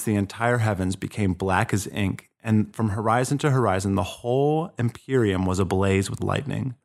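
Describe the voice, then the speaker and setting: A young man with a lowish voice runs through history on a casual podcast. He tells it with irreverent jokes and plenty of swearing. He sounds a bit tipsy. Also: creaky. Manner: irreverent, swearing, jokey asides. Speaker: podcast host.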